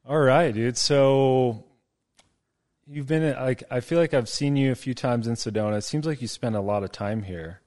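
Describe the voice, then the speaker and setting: A man hosting a podcast, chatting in a relaxed way with lots of fillers. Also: medium pitch, normal speed, no echo, studio quality. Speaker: podcast host. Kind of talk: casual podcast interview.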